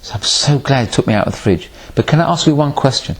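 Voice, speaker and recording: A man's voice: mid-range voice, lively intonation, fast talker, pitched below the performer's own voice, close to an everyday voice, low-quality recording. A man voicing a meek, chastened male talking parrot in a spoken joke. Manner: meek, apologetic.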